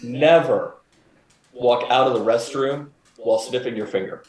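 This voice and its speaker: A man's voice: mid-range voice, a little slow, darkish tone. Dry-humored man in an echoey room. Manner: dry, wisecracking, adds details to the story. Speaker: podcast co-host. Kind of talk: casual chat. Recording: roomy echo.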